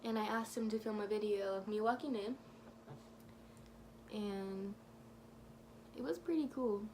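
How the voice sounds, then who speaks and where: A woman's voice: mid-range voice, measured pace, darkish tone, a little hiss or hum. A woman telling a rambling, gushing story for her vlog, leaning on "like" again and again. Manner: gushing, rambling, heavy use of "like". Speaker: vlogger.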